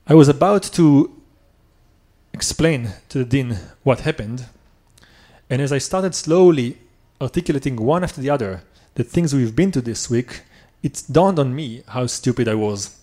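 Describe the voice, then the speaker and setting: A man's voice: medium pitch, moderate pace, warm tone. Earnest man telling a personal story. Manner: earnest, self-critical confessional telling. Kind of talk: personal story told live on stage.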